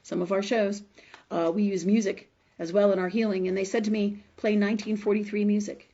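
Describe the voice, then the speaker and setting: Emphatic husky woman hosting a live show. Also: mid-range voice, steady tone, fairly quick, warm tone, highs cut off. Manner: emphatic, keeps asking "right?", swears freely. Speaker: host of a live spiritual health show. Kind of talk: emotional storytelling to a live audience.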